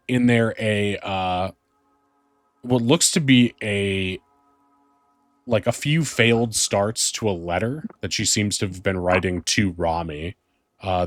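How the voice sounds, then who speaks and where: Deep-voiced man running a tabletop game. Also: no echo. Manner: rambling, thoughtful, many fillers. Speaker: game master.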